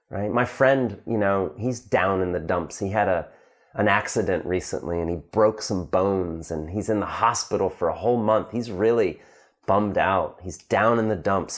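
A man teaching English slang to learners, acting out short example lines and often checking in with "right?". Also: fairly low pitch. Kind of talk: slang lesson to camera.

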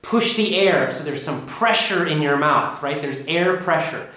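A man teaching an English pronunciation lesson, drilling sounds and words slowly and emphatically. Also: on the high side, expressive, sharp tone. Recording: echoey room.

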